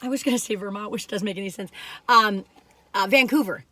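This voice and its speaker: A woman's voice: mid-range voice, fairly quick, sharp tone, no room sound. An older woman, chatting and rambling as she tells stories in a food review vlog. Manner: chatty and rambling, acts out quoted voices. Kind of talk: casual storytelling chat to camera.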